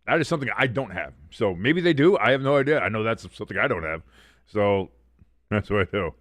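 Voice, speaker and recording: A man's voice: on the low side, lively intonation, brisk, a bit bright, dry recording. A man hosting a live watch-along stream, mixing loose, profane chatter with casual play-by-play. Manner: rambling, profane, conversational. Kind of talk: casual live game commentary.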